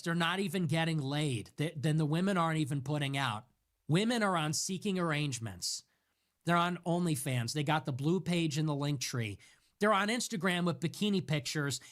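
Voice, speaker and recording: A man's voice: fairly high pitch, a bit bright. Man, livestream host, ranting commentary, sarcastic, mocking, exasperated.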